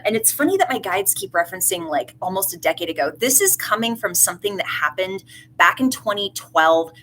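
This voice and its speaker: A woman's voice: medium pitch, sharp tone, slight background noise, rough recording. A woman giving a casual live tarot reading, chatty and effusive with many asides. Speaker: tarot reader.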